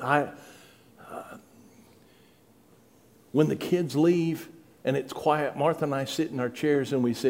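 A middle-aged man preaching a sermon, earnest and pleading, building to loud dramatic peaks when he tells the story. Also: mid-range voice, measured pace, pauses often.

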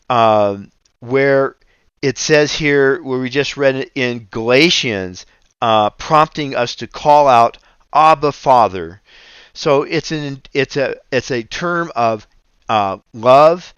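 A man hosting a radio ministry show, teaching and reading scripture in an earnest, unhurried way. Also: mid-range voice, a bit bright, clean tone, dry recording, dull audio. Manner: slow, earnest, reads scripture aloud.

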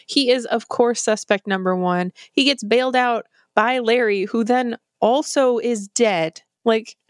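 A woman's voice: on the high side, measured pace, no echo, clean studio sound. A woman co-hosting a podcast, chatting about a movie with wry, sarcastic asides. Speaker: podcast co-host. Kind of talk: casual movie recap chat.

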